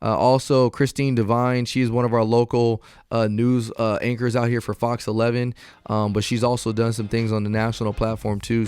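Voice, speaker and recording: A man's voice: mid-range voice, a little mellow. A man hosting a podcast, speaking in an earnest, motivational, conversational way. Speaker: podcast host. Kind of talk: casual podcast chat.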